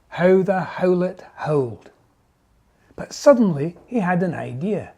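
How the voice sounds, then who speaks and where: Slow, mellow storybook narrator. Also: mid-range voice, lively intonation, breathy edge. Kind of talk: storybook reading.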